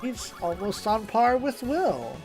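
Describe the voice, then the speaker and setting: A man's voice: high voice, very animated, slow pace, darkish tone, soft background music. A man co-hosting a let's play, making dry, teasing remarks in casual gameplay banter. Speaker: co-host.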